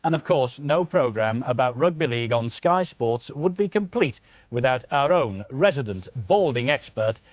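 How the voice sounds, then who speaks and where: A man's voice: mid-range voice, expressive, moderate pace, dry recording, highs cut off. A man presenting a sports show who keeps dissolving into laughter. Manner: giggly, prone to laughing fits. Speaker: studio presenter.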